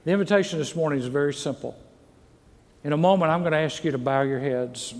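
A man's voice: fairly high pitch, quick pace, a little mellow. A middle-aged male pastor preaching a sermon, earnestly posing repeated questions to his congregation in a church. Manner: earnest, repetitive rhetorical questions. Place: church sanctuary. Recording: long hall reverb. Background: congregation calls amen.

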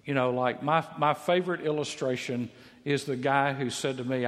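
A man's voice: mid-range voice, fairly even intonation, moderate pace. A man preaching a sermon, emphatic, repeating key phrases for stress. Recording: long reverb of a large hall.

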